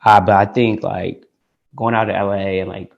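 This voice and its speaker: A man's voice: low voice, little pitch movement, moderate pace, gravelly. A man from Detroit, a tech founder being interviewed, talking casually and rambling with lots of "like" and restarts. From Detroit, United States. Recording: dull lo-fi call audio.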